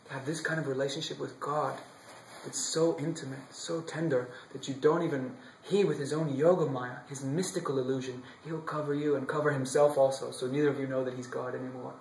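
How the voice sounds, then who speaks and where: A man telling a devotional story expressively, shifting from loud to whispered passages. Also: mid-range voice, fairly even intonation, brisk, roomy sound, a little hiss or hum, rough recording. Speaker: storyteller monk.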